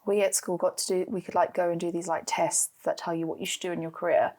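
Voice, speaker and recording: A woman's voice: lowish voice, flat delivery, fast talker, darkish tone. A young woman asking interview questions, lightly and with easy laughter. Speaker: interviewer in marketing.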